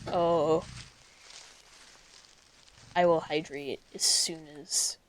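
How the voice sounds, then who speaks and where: Excitable, rambling woman streamer. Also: deep voice, extremely slow. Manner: rambling and excitable, swears freely. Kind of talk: casual gameplay commentary.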